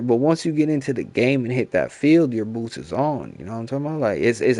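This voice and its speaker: A man's voice: mid-range voice, big pitch swings, fairly quick, few pauses, darkish tone, no room sound. A man in his thirties, a gaming streamer, ranting casually in profane, slangy talk full of repeated fillers, into a headset mic. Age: 30s. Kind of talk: casual rambling rant.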